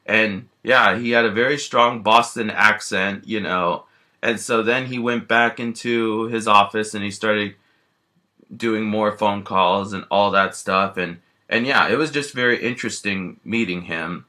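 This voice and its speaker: A man tells a meandering first-person story as a bear character, circling back with frequent restarts and "you know" fillers. His voice sits a little low but has a bright, tense edge. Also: fairly even intonation, unhurried.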